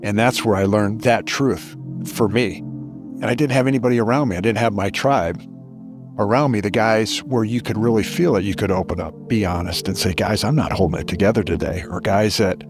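A man's voice: lowish voice, moderate pace, over music. A middle-aged man as a podcast guest, earnestly telling a personal story with reflective emphasis.

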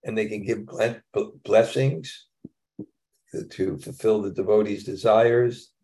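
A man leads a scripture class, his voice pitched a little low and rough with fry. He talks casually, restarting phrases and dropping in chuckling asides as he explains the text. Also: a little slow, dark tone.

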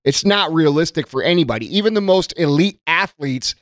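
A man's voice: a little high, lively intonation, fairly quick, fairly bright tone, no echo, studio quality. A man giving a blunt, profane, emphatic motivational talk to his followers. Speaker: motivational content creator. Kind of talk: motivational monologue.

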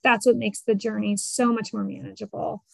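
A woman's voice: medium pitch, flat delivery, normal speed, gravelly, dry recording, rough recording. A woman guest on a podcast, talking earnestly and encouragingly about parenting. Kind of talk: conversational interview.

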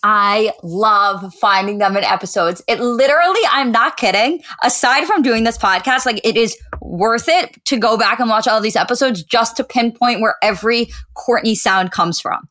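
A young woman co-hosting a casual podcast, speaking in a measured, teasing, playfully diplomatic way. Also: fairly high pitch, bright, forceful tone. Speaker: podcast co-host.

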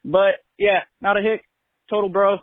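A man's voice: high voice, flat delivery, normal speed, dry recording. A young man from California leaving a friendly, laid-back voicemail for a podcast. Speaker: caller. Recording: tinny phone line.

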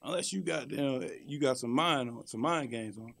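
A young man talking as a podcast guest, ranting in a loud, profane, animated way. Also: medium pitch, normal speed, gravelly. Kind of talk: casual podcast chat.

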